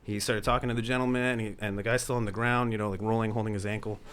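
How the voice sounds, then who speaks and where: A man's voice: fairly low pitch, flat delivery, fast talker, fairly bright tone, clean tone. A man, a podcast guest, casually telling stories with bursts of laughter. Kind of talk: casual storytelling.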